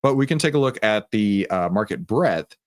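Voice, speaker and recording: A man's voice: fairly low pitch, expressive, moderate pace, no echo, studio quality. A middle-aged man with a Texan accent hosts a livestreamed trading room, talking casually with lots of fillers. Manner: casual and chatty, many fillers.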